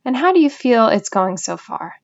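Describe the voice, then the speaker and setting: A woman reading the part of a tired male policeman who speaks calmly and wearily. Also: on the high side, moderate pace, vocal fry, muffled recording. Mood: weary. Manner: calm and weary.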